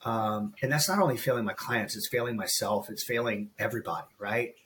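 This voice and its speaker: An American man of about 40, a guest coach on a podcast, tells a personal story earnestly and emotionally, calling the host bro in this candid interview. His voice is lowish, brisk and a bit bright, with slight background noise.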